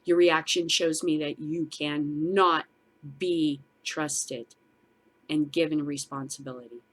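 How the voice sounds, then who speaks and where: A woman's voice: low-pitched, steady tone, slow pace, a bit bright. A middle-aged woman hosting her own show, ranting in a furious, profane casual vlog. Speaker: show host. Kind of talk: angry casual vlog rant.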